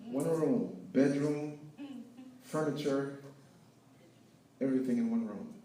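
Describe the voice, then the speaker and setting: A man telling his story of failure and faith as a speaker at an event, preaching with lively swings between loud and hushed. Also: medium pitch, takes it slowly. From Haiti. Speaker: guest speaker. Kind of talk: inspirational testimony talk. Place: event hall with live audience. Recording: echoey hall, picked up from far off.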